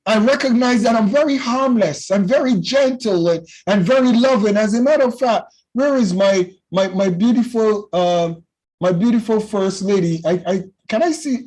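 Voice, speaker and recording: A man teaching a youth class in a loud, passionate preaching style, often calling out to his listeners. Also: very high-pitched, poor audio. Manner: loud and passionate, with call-and-response phrases.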